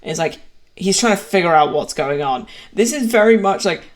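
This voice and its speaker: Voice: mid-range voice, expressive, brisk. A game master narrating a tabletop game in a chatty, descriptive way.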